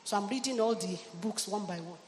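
A middle-aged woman pastor, medium-pitched, brisk and a little mellow, preaches a sermon and exhorts her congregation. She calls for amens and hallelujahs in call-and-response, her voice carried by long church hall reverb over faint ambient noise.

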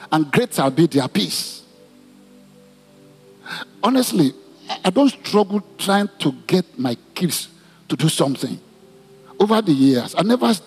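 Male preacher, animated storytelling sermon, slightly raised pitch, soft music under. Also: breathy edge, in a large hall. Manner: animated storytelling, acts out quoted voices. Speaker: pastor. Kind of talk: sermon with congregational prayer. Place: church.

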